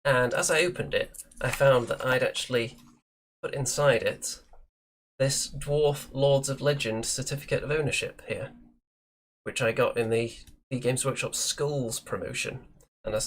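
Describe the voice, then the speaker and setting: A man hosting a casual hobby chat show, talking in a relaxed, chatty way and thinking aloud. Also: medium pitch, normal speed, a little hiss or hum. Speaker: show host.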